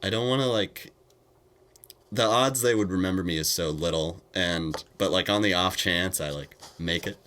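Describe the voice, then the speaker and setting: A young man co-hosting a podcast, telling a story in animated, hesitant casual chat with many fillers. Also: deep voice, normal speed. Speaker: podcast co-host.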